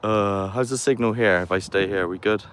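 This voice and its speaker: A paranormal investigator streams live outdoors near a castle, rambling casually and greeting viewers as he walks. His voice is on the low side and fairly quick, with a little hiss or hum in the audio.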